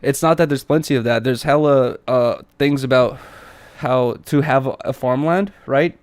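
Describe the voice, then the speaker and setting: A young man co-hosting a casual podcast, talking in an animated, profane way full of slang and emphasis. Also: mid-range voice, moderate pace, no echo. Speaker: podcast co-host. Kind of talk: casual chat.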